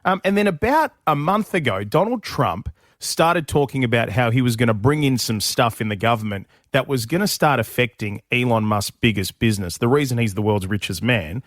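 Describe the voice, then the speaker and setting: A man hosting a radio show, excitable and laughing as he tells the news of the day. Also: medium pitch, fairly quick, no echo, clean studio sound. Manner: excitable, laughing, animated storytelling. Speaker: radio host. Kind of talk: breakfast radio chat.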